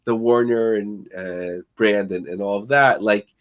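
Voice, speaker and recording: A man with a lowish, fairly even voice speaks a little slowly as he co-hosts a podcast. He comments casually on business news, rambling and thinking aloud with lots of fillers.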